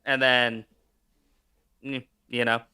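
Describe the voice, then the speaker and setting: A man with a bright, forward voice chats on a movie podcast. He rambles through tangents, leaning on fillers as he tells a story. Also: mid-range voice, little pitch movement, slow pace, clean tone. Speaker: podcast co-host. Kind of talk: casual roundtable chat.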